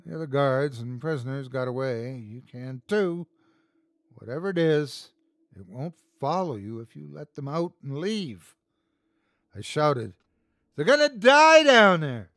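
A man reading a horror story aloud as host and narrator, tense and dramatic, shouting out the characters' lines. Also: mid-range voice, lively intonation, measured pace, dry recording.

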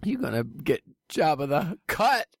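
A young man with a gravelly, fry-tinged voice of middle pitch that rises and falls a lot as he teases and jokes. His voice sits close and dry, with no room echo at all. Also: very animated. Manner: teasing, playful, quick with jokes. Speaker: podcast co-host. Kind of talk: casual comedic chat.

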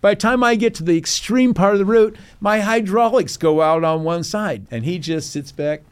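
A man's voice: high-pitched, moderate pace, smooth. An older man, a retired Navy captain, telling stories in a podcast interview, acting out quotes and laughing often. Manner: animated storyteller, acts out quotes, laughs often.

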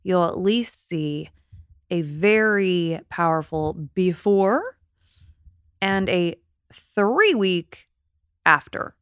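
Woman podcasting from bed, lowish voice, chatty and a bit emotional, super dry sound. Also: expressive, drawn-out words, long pauses, clean tone, dry recording. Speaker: podcast host. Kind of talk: casual solo podcast talk. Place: in bed at home.

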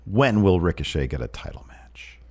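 A man's voice: sits low, vocal fry, husky. A man co-hosting a casual wrestling chat, reading listener questions and joking around. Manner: lively, joking, quick asides. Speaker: podcast co-host.

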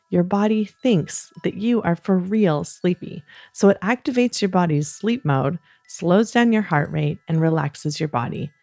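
A woman hosting a children's podcast, talking gently and soothingly at bedtime, coaxing listeners along with playful pretend yawns. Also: on the low side, vocal fry, no room sound. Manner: soft, soothing and encouraging, with playful drawn-out yawns. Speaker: kids podcast host.

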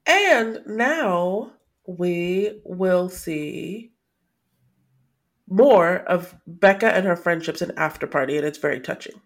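A woman co-hosting a podcast, chiming in with slow, drawn-out reactions in a casual recap chat. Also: on the low side, animated. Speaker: podcast co-host.

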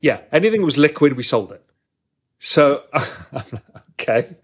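A man with a husky, mid-range voice tells a story from his trading days. He talks fast, with plenty of asides. It sounds like an interview. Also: medium pitch. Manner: animated anecdote-telling, quick asides. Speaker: guest, former trader.

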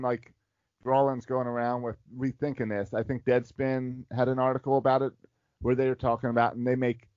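A man chatting on a podcast, rambling through a story and laughing as he goes. His voice sits at a middle pitch and sounds very dry, with a dull, lo-fi quality to the recording. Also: a little mellow, dry recording. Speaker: podcast co-host. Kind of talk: casual chat.

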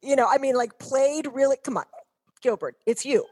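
A woman's voice: high voice, normal speed, dark tone. A woman in her fifties, a guest telling rambling, profane, self-mocking stories in casual chat.

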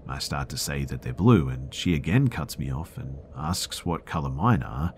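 A man's voice: rumbling low, expressive, moderate pace, a little hiss or hum. A man hosting a podcast, reading listener horror stories aloud in a dramatic scripted narration that sometimes drops to a whisper.

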